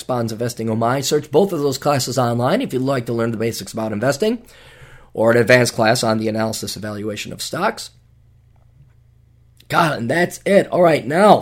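A man from Minnesota hosting his own podcast, talking casually in a sarcastic, ranting way and swearing freely. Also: medium pitch. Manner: mocking voices when quoting people. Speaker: podcast host. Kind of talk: casual solo podcast monologue.

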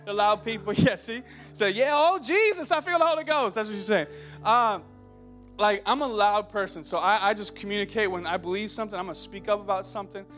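A man in his twenties preaching a sermon in a church, loud and joking, calling out to the crowd. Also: high voice, steady tone, brisk, soft background music. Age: 20s. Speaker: pastor. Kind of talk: energetic sermon. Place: church hall.

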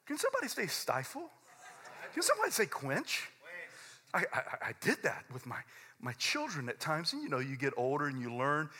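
A middle-aged man, a pastor preaching a sermon, intense and conversational, swinging from loud fervent peaks to low quiet asides with stammered restarts. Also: huge pitch swings, normal speed, husky.

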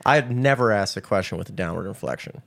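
A man's voice: lowish voice, fast, gravelly. A man from Maryland co-hosting a podcast, telling stories in casual chat and dropping "dude" and "like" often. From Maryland, USA. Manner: animated storyteller, says "dude" and "like" often. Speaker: podcast co-host.

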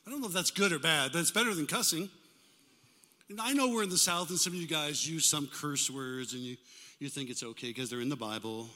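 An older man, a pastor, preaching a lively sermon to his congregation and calling for responses from them. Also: a little high, fairly quick. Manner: animated, call-and-response preaching. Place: church sanctuary. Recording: hall reverb.

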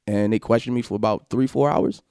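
A man casually telling a story from his college days, animated, swearing and acting out what others said. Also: on the low side, fairly quick, gravelly, dry recording, clean studio sound. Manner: animated, laughing, swearing, acts out quotes.

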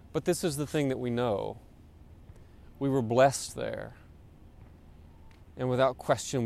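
A man's voice: medium pitch, gravelly, a little mellow. A man, a pastor, preaching a sermon in a conversational, informal way, with many fillers and repeated words.

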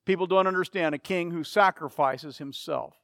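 Man, pastor, sermon, emphatic, repeats phrases, high pitch, dry recording. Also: moderate pace, vocal fry, fairly bright tone, dry recording.

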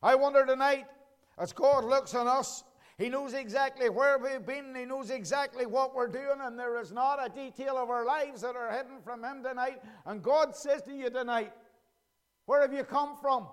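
A man preaching a sermon as pastor, earnestly repeating his questions slowly for emphasis. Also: extremely high pitch, steady tone, clean tone.

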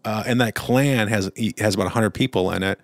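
A man's voice: on the low side, a little fast, no room sound, clean studio sound. A young adult man co-hosting a podcast, telling a long story in casual chat with many restarts. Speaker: podcast co-host.

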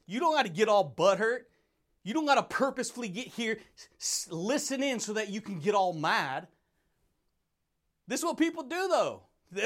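A man's voice: high-pitched, very animated, normal speed, a bit bright. A man hosting a motivational podcast, talking in an intense, brash way, laughing often and calling the listener dude and buddy. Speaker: podcast host. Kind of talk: motivational monologue.

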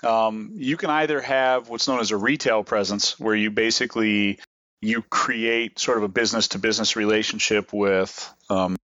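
A man's voice: fairly low pitch, fairly even intonation, normal speed, sharp tone, no echo, dull audio. A man co-hosting a casual podcast, explaining at length with many restarts. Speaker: podcast co-host.

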